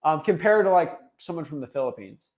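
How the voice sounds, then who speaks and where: A man's voice: a little high, expressive, a little fast, lo-fi sound. A man from Florida hosting a coaching call, upbeat and talkative. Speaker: host and coach.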